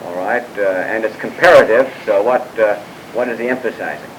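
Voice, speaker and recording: A man's voice: on the low side, normal speed, muffled recording, slight background noise. A man teaching a Bible class, explaining passages and putting questions to his students, with frequent asides and hesitations.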